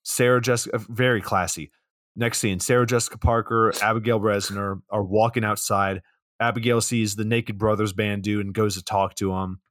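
Man, low voice, dry close sound, casual podcast movie recap, offhand swearing. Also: fairly even intonation, fairly bright tone, no room sound. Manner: fast plot summarizing, swears casually. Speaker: podcast co-host.

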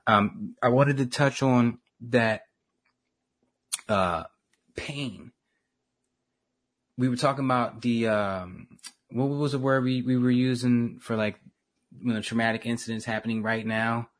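A man co-hosting a casual talk show, animated and slangy, often trailing off and restarting. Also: mid-range voice, measured pace, long pauses. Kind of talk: casual chat.

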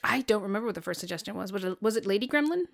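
A woman co-hosting a casual podcast chat, retelling scenes in a lively, animated way. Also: mid-range voice, rapid-fire, creaky. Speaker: podcast co-host.

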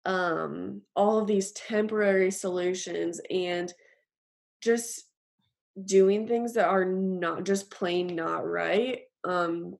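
A young woman telling an earnest personal faith story in an interview, halting often with fillers. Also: fairly low pitch, vocal fry. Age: young adult. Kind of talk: personal testimony.

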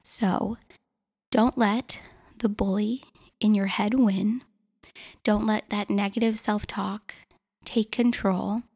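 A woman's voice: mid-range voice, fairly even intonation, takes it slowly, vocal fry, long pauses, darkish tone. A woman in her twenties hosting a solo podcast episode, talking earnestly and encouragingly to her listeners. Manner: earnest, encouraging, self-reflective. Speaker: podcast host.

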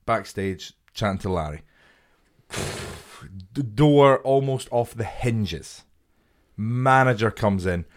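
Animated, swearing male storyteller. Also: fairly low pitch, slow pace. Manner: animated, swears heavily, acts out quotes. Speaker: comedian and podcast co-host. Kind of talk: casual chat, storytelling.

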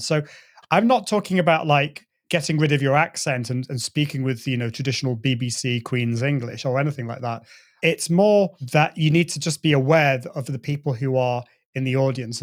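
A middle-aged man, a guest on an interview show, explaining voice and presenting technique and demonstrating sounds as he goes. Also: mid-range voice. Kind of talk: conversational interview.

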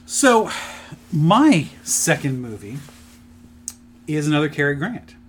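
A man's voice: on the high side, sing-song, slow pace, slight background noise. A middle-aged man on a podcast, rambling through a plot retelling with lots of fillers in a casual chat. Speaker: podcast co-host presenting his picks.

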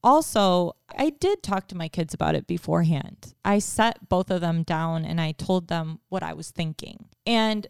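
Woman in her thirties, chatty, lower voice, very smooth and dry. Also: normal speed, few pauses, no room sound. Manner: chatty, animated storytelling with acted quotes. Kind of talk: casual chat.

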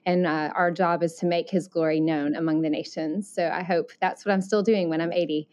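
A woman from Alabama with a Southern accent, speaking a bit low and steady. She tells her story as an interview guest in an earnest, reflective way, often pausing with "um" and "uh" to gather her thoughts. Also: lo-fi sound. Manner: earnest, thoughtful, many ums and uhs. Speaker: missionary guest.

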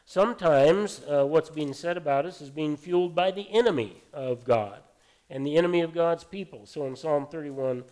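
A middle-aged man giving a sermon as pastor, talking in a relaxed, anecdotal way with frequent fillers. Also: a little high, normal speed.

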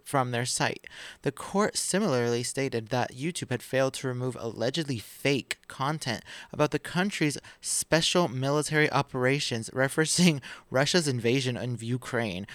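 A podcast co-host with an average-pitched voice reads news aloud in a casual, chatty way, breaking off to joke, swear, and laugh. The sound is dry and close, with little room echo.

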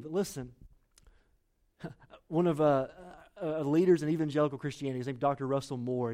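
A male pastor preaching a sermon to his church in an earnest, urgent way, restarting and repeating phrases as he builds his points. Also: fairly high pitch.

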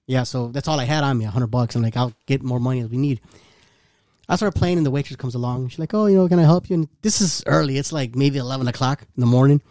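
A man's voice: medium pitch, fast talker, no echo, clean studio sound. A man telling a long, funny anecdote in casual chat with friends, acting out what people said. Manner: animated storytelling, acting out quotes. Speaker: storyteller in a group chat.

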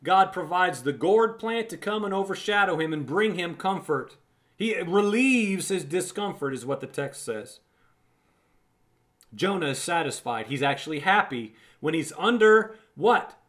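A man's voice: high-pitched, lively intonation, measured pace, a bit bright. A man giving a recorded Bible teaching, emphatic and conversational, repeating words for emphasis and calling the listener friend.

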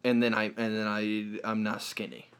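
A man's voice: lowish voice, monotone, normal speed, fairly bright tone, smooth. A man co-hosting a podcast in casual chat, chatty and rambling, with a joking manner. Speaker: podcast co-host.

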